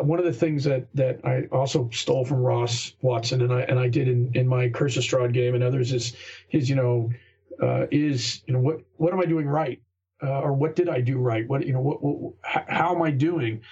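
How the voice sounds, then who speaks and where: A man with a raspy voice chatting earnestly on a podcast, rambling with many restarts. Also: medium pitch, fairly even intonation, moderate pace, a little mellow, lo-fi sound. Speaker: guest game master. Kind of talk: casual podcast conversation.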